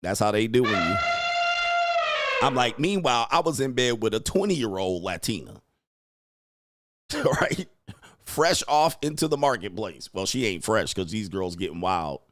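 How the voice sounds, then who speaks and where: Male host, crude comedic rant, unhurried delivery, mocking tone, dry close-mic sound. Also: lowish voice, expressive, a bit bright, no room sound, soft background music. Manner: mocking, laughs often, acts out quoted voices. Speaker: podcast host and dating coach.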